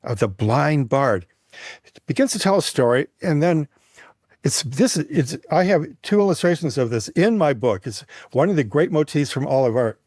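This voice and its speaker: Animated storytelling man, lively pitch. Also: moderate pace, no echo, clean studio sound. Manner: lively, expressive retelling with frequent restarts. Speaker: guest, mythologist and writer.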